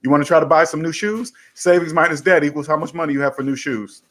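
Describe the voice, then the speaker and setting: A man whose voice sits on the high side speaks quickly with a fairly bright tone. The host of a casual personal finance show and a coach himself, he gives a listener advice in an emphatic, repetitive way, coming back again and again to one simple formula.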